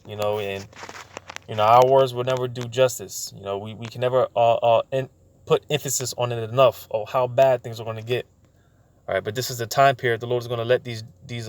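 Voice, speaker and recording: Man, bible teaching, halting, lots of fillers and repeated words, slows for scripture reading. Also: mid-range voice, smooth. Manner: slows down to read scripture aloud.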